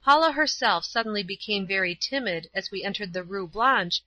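A woman reading a storybook aloud in a measured, clear first-person narration. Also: medium pitch, animated, bright, forceful tone, no room sound. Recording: slightly dull, dry.

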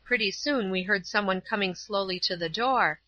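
A woman reading a storybook aloud in a measured, clear first-person narration. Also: medium pitch, bright, forceful tone, no room sound. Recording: slightly dull, dry.

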